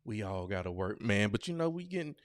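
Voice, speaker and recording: Laid-back man hosting a podcast, lively pitch. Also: brisk, no echo, studio quality. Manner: loose, joking, reads lines off a screen with animated mock voices. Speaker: podcast host. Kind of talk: casual solo podcast chat.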